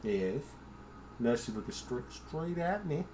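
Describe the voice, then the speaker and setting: A man's voice: mid-range voice, big pitch swings, takes it slowly, background noise. A man rambling casually on a home livestream while drinking, joking at his own expense, swearing freely and chatting to his dog. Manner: rambling, profane, self-deprecating. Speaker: livestream host.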